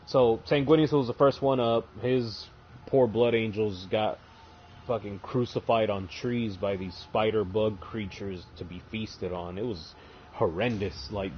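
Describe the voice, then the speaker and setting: A man's voice: on the low side, slow, slight background noise. Rambling, swearing man on a lo-fi mic. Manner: casual, rambling, heavy swearing. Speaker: gaming streamer. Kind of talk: casual lore retelling while playing.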